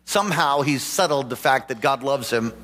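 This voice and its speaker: A man, a pastor, preaching a sermon, often rising into animated exhortation. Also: moderate pace. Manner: animated preaching, climbs in pitch and volume toward exhortation. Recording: long hall reverb, faint background hum.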